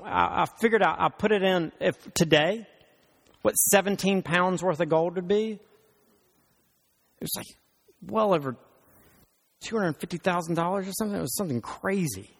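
A male pastor preaching a sermon, animated and emphatic, with rhetorical questions. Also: high-pitched, creaky, husky.

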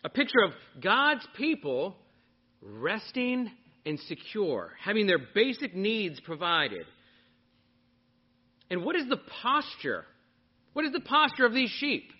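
A male pastor preaching before a congregation, his voice pitched high for a man and swinging widely in tone. He teaches with energy, often turning to the room with questions. The recording sounds dull and lo-fi. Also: wildly swooping pitch, slow, pauses often, slightly rough. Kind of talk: sermon.

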